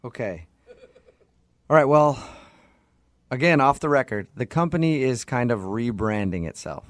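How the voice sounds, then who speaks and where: A man's voice: mid-range voice, lively intonation, measured pace, no room sound, studio quality. A man from a radio show making a prank phone call, sounding mock-apologetic and giggling.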